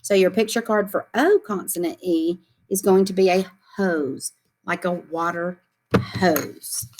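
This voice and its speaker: A woman teacher leading a phonics lesson for young children, speaking slowly and clearly and repeating questions for the kids to echo. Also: fairly low pitch, darkish tone.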